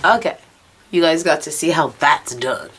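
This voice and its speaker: A woman's voice: low-pitched, normal speed, fairly bright tone, breathy edge. A young adult woman chatting candidly while doing her makeup, swearing now and then and laughing at herself. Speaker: vlogger.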